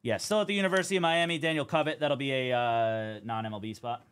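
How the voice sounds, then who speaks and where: A man's voice: mid-range voice, fast, fairly bright tone, clean tone. A young man hosting a live card break stream, chatting casually as he calls out cards and teams.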